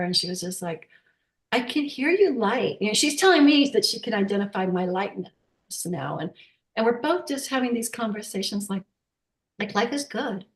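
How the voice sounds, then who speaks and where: A woman talking as a guest, telling personal stories in a halting way with many restarts and fillers. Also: lowish voice. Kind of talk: casual personal storytelling. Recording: roomy echo.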